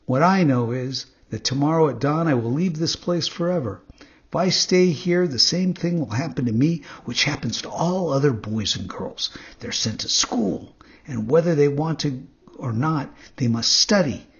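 A man voicing a rude, impatient wooden puppet boy in a husky voice, on a dull recording. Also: on the high side, expressive, heavily acted. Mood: defiant. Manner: rude, hot-tempered, quick.

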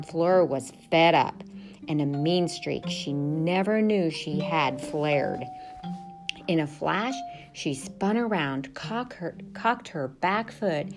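A woman with a low voice reads a children's storybook with expressive, steady narration. Music plays clearly behind her.

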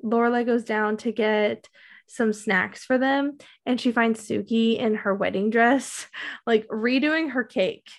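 A woman's voice: fairly high pitch, a little slow. A woman co-hosting a podcast, recapping a TV show in casual chat, rambling with many "um"s and "like"s. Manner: rambling, many fillers and likes. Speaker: podcast co-host.

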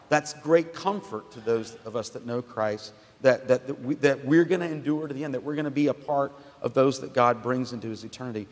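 A man's voice: mid-range voice, brisk, few pauses. A man preaching a sermon as pastor, emphatic and conversational, often restarting his phrases. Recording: long hall reverb.

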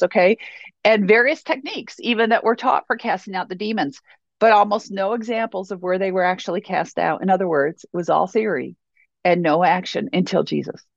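A woman's voice: mid-range voice, vocal fry, no room sound. A woman Bible teacher giving a sermon in an emphatic, repetitive way, on a dull, dry recording.

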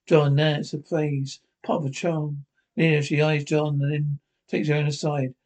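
Halting higher-voiced male reader. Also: little pitch movement, a little mellow. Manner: halting, frequent stumbles and repeated words. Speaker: narrator. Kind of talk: reading aloud a fan scene description of a TV episode.

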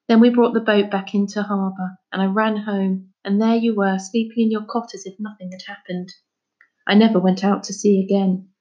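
A woman reading aloud voices a grieving middle-aged fisherman father, speaking in a heavy, halting way. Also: mid-range voice, darkish tone, highs cut off, close to an everyday voice.

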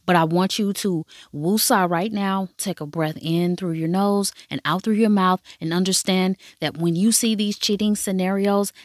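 A woman's voice: lowish voice, dry recording, clean studio sound. Frank, cussing woman recapping a drama. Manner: frank, profane, chatty storytelling; playful asides to listeners. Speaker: podcast host.

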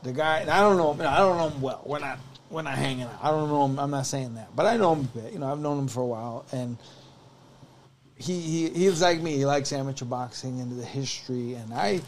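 A podcast guest with a mid-range voice speaks fairly quickly over a little hiss or hum. He tells a long story casually, rambling and animated as he acts out what people said.

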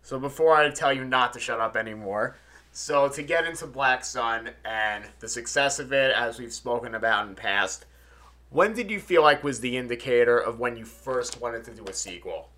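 A man with a bright, forceful tone hosts a podcast in a relaxed, conversational way. He asks long, winding questions and keeps the talk informal. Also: medium pitch, moderate pace. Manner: interviewing, asking long wandering questions. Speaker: podcast host. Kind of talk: casual chat.

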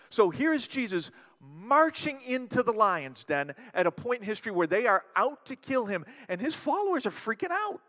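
A man preaching a sermon as pastor, acting out quoted voices and swinging between loud and soft passages. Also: high-pitched, long reverb tail.

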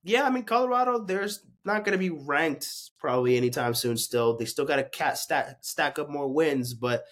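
A man's voice: on the high side, expressive, normal speed, fairly bright tone. A young man hosting a casual sports recap, ranting with lots of swearing, heated one moment and muttering in defeat the next. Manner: ranting, profane, swings from heated to deflated mutters.

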